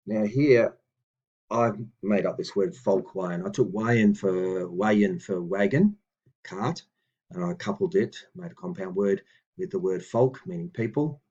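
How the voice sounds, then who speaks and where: Low husky man teaching old phrases. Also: a little mellow, highs cut off. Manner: slow and deliberate on old words, with hesitant fillers. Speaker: language teacher. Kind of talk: lesson reading out phrases. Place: room with books on a table.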